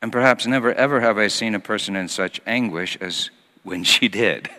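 A man preaching a sermon as pastor, telling a personal story and moving from hushed passages to loud acted quotes. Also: fairly low pitch, normal speed. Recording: long hall reverb.

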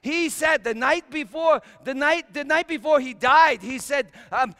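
A man preaching a comic first-person sermon monologue, telling the story wryly and swinging between quiet and loud. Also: very high-pitched, measured pace, hardly any pauses. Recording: long hall reverb.

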